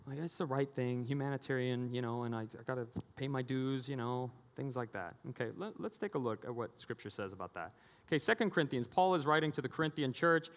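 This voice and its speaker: A man's voice: medium pitch, a little fast. A middle-aged man preaching a sermon as pastor, conversational and jokey, acting out the voices he quotes. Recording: long hall reverb.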